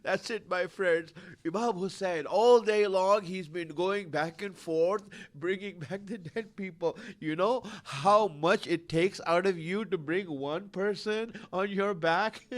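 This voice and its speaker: A man preaching a sermon and telling a sad story in an emotional, lamenting way, with long pauses, in an Islamic center hall. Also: sits high.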